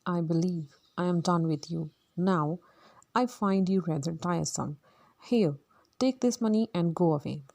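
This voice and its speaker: A woman reading the part of an arrogant male phonetics professor, brisk and dismissive, in a read-aloud play. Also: lowish voice, creaky, darkish tone.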